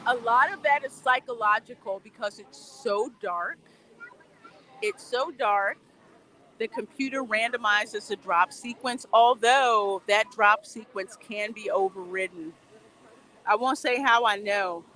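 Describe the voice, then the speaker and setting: A woman's voice: fairly high pitch, a little slow, bright, forceful tone. A woman hosting a casual livestream outdoors while walking, chatty, laughing often and reading viewer comments aloud. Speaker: livestream host. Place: outdoors in a theme park. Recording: faint outdoor noise behind.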